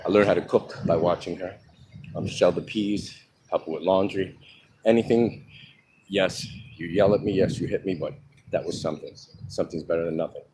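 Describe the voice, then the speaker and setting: A man telling his own life story in a frank, halting way, pausing often with ums. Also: low voice, darkish tone, rough recording. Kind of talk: candid personal monologue. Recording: outdoor traffic noise behind.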